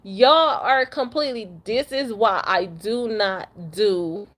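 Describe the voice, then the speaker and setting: A woman's voice: medium pitch, slow pace, fairly bright tone. A young woman from Detroit, a truck driver, venting bluntly to camera after crying, cussing and repeating herself. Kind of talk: emotional rant to camera.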